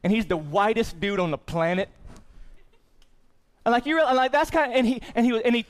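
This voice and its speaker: A male pastor giving a lively sermon with a high-pitched voice. He moves from quiet, conversational stretches into loud, excited bursts, often restarting phrases and repeating words. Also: fast talker.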